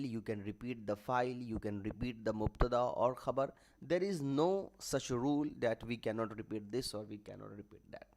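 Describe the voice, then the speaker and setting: A man teaching Arabic grammar in English in an online lecture, explaining slowly and repeating terms to drive them home. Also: medium pitch, a little mellow. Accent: South Asian English.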